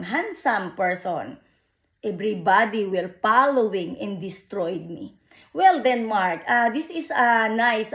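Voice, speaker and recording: A woman's voice: mid-range voice, a bit bright, reverberant. A Filipino woman vlogging in an agitated, emphatic rant, repeating herself in broken English. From Philippines. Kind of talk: direct-to-camera rant.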